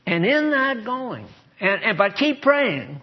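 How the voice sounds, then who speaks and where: A man's voice: sits high, sing-song, slow pace. An older man preaching a sermon as pastor, folksy and emphatic, with a dull lo-fi recording. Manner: folksy, emphatic, shifts into mock voices and prayer.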